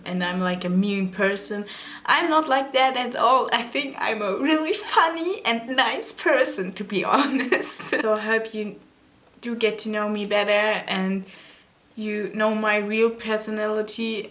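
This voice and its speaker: A woman's voice: mid-range voice, a bit bright. A young woman with a German accent, a native German speaker, chatting casually to her camera as a beauty vlogger, giggling, apologizing and searching for English words.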